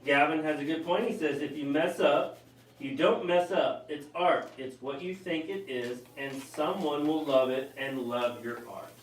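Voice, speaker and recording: A man's voice: fairly high pitch, measured pace. Chipper man reading comments, off-mic. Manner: reads comments aloud, chipper and enthusiastic. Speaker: co-host reading viewer comments. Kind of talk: live stream chat. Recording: echoey room, mic a bit far.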